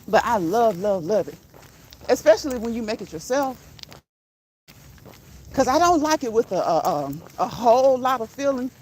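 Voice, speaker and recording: Woman, casual walk-and-talk vlog, outdoors, slightly high voice, chatty, laughs a lot, faint rural background noise. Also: big pitch swings, a little slow, long pauses, a little mellow. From northern United States. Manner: chatty, laughs often, repeats words playfully. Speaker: vlogger.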